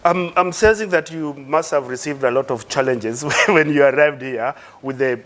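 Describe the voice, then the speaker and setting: A man's voice: medium pitch, normal speed, fairly bright tone. A man conducting a casual interview, often dropping in short agreeing words and laughing easily.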